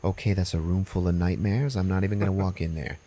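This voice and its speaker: A man's voice: low voice, fairly even intonation, quick pace, dark tone. This is a jumpy, sassy woman ghost hunter, as a man puts her on while recapping a film. She sounds exasperated and wants nothing to do with anything scary, voiced close to the speaker's own register.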